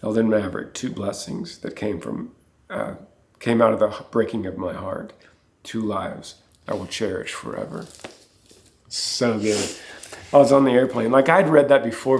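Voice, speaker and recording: A man's voice: lowish voice, lively intonation, normal speed, creaky. A man co-hosting a casual chat, reading passages from a book aloud, earnest and easily moved. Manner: earnest, gets emotional. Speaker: co-host.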